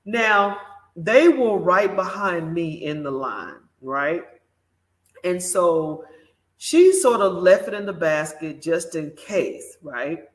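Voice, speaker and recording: A woman hosting a morning show, telling a personal story in an animated, emphatic way and speaking straight to her listeners. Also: fairly low pitch, takes it slowly. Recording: roomy echo.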